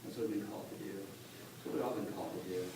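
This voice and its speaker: A man giving a halting, earnest personal testimony at church, recorded on a phone from the congregation. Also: lowish voice, steady tone. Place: church sanctuary. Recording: echoey church on a distant phone, noisy.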